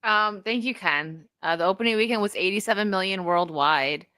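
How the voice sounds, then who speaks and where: A woman's voice: medium pitch, fairly quick, pushed and bright, clear, resonant tone, no echo, studio quality. A woman hosting a casual livestream chat, reading out viewer donations and often breaking into giggles. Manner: giggly, reads viewer messages aloud.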